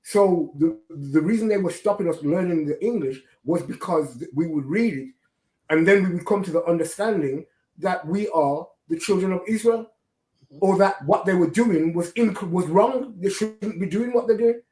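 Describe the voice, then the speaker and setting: A man's voice: high-pitched, normal speed, a little mellow. A man hosting religious commentary, preaching and often asking "right?". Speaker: host. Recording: echoey room.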